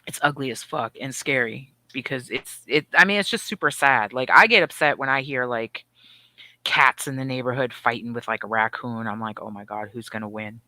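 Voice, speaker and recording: A middle-aged woman co-hosting a live chat show, telling animated, profane stories with voiced asides. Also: very deep voice, normal speed, no room sound. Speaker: podcast co-host. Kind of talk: casual chat.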